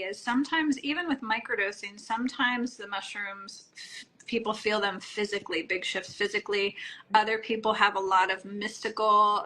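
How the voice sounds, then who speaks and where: Woman, middle-aged, crisp bright tone, calm explainer, soft trailing phrase ends. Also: medium pitch, rough recording. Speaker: microdosing practitioner, guest. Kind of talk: conversational interview answers.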